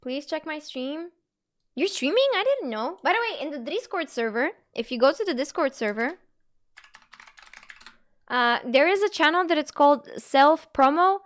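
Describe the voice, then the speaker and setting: A young woman with a high voice hosts a casual live stream. She giggles often and reacts to chat messages one after another in a loose, chatty way. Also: animated, normal speed, a bit bright. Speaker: Twitch streamer.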